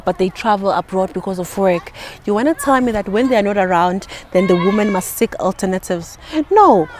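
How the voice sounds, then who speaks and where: A woman co-hosting a casual talk show, calmly explaining her view with frequent affirming murmurs. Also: mid-range voice, a little hiss or hum. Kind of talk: casual podcast chat.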